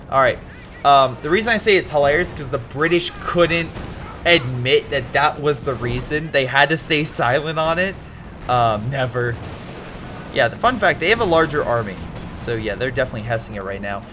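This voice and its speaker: A man's voice: medium pitch, lively intonation, moderate pace, bright, forceful tone, soft background music. A man casually commentating a strategy game replay, rambling into history tangents with many fillers and restarts.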